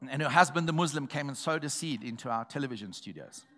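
A man preaching a sermon, telling a testimony in a storytelling way that builds to shouted exhortation. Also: medium pitch, expressive, quick pace.

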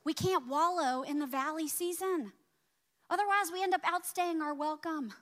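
A woman pastor preaching a sermon, climbing loud and high on key points and dropping low and quiet to quote scripture. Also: normal speed.

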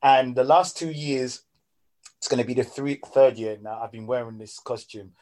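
A man's voice: mid-range voice, steady tone, moderate pace, a little mellow. A man from the United Kingdom chatting casually, eager and teasing, often restarting his sentences. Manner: enthusiastic, teasing, stumbling restarts. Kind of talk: casual chat.

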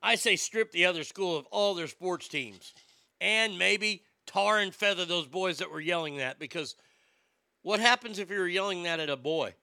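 A man's voice: high-pitched, normal speed, gravelly, bright, forceful tone, no room sound. A man delivering a blunt, sarcastic, profane opinion rant as a commentator.

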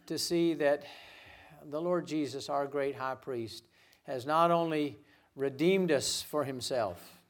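A man preaching a sermon as a guest pastor, earnest and given to repeating words, dropping to a hush when he quotes names. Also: medium pitch.

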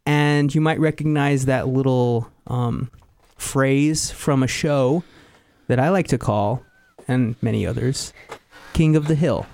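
A man's voice: medium pitch, slow pace, darkish tone, no echo. A young man hosting a podcast, chatting casually and rambling with many fillers. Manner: rambling, easygoing, frequent fillers. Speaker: podcast host. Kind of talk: casual chat.

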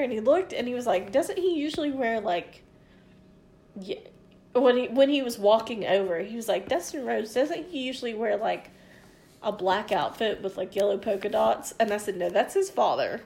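A woman's voice: a little high, lively intonation, moderate pace, creaky, darkish tone. Rambling woman telling a story. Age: 40s. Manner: rambling, loose, swears freely, quotes others in back-and-forth. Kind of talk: casual storytelling chat.

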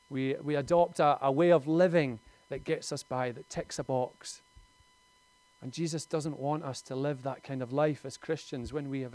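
A man's voice: mid-range voice, a little mellow, dry recording. A man, preaching a conversational sermon in a lightly humorous tone.

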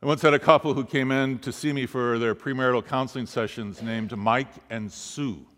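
A man's voice: mid-range voice, steady tone, fairly quick, a bit bright. A man preaching a sermon as a pastor, telling a story and acting out the voices of the people in it. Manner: storytelling, acts out quoted speech. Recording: long hall reverb.

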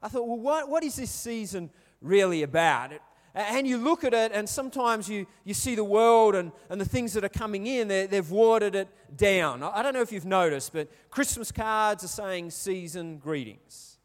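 In a reverberant hall, an Australian-accented man in his thirties preaches in a conversational style, telling stories and putting questions to the crowd. His voice sits high and moves at a moderate pace.

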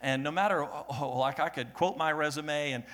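A young man preaching a sermon, animated and laughing, rising to loud peaks and dropping to a soft, earnest tone. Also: fairly high pitch, normal speed. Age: young adult. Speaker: pastor.

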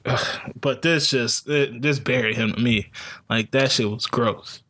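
A man's voice: medium pitch, a little slow, fairly bright tone, slight background noise. A man hosting a casual podcast chat, loose and laughing often. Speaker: podcast host.

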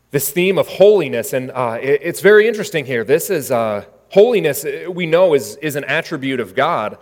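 A man's voice: mid-range voice, lively intonation, normal speed, few pauses, big-room sound. A man preaching a sermon in a conversational way, with frequent fillers and restarts. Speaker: pastor.

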